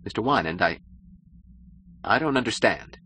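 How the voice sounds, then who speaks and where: A man's voice: fairly low pitch, expressive, normal speed, pushed and bright, a little hiss or hum, voice pushed up. A man voicing an ambitious young male architect who talks eagerly and stammers when flustered in an audiobook.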